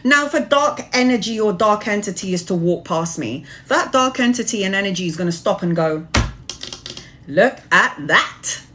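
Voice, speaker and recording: A woman's voice: medium pitch, animated, a little fast, hardly any pauses, noisy background. A woman tarot reader giving a casual spiritual monologue, preachy and swearing freely.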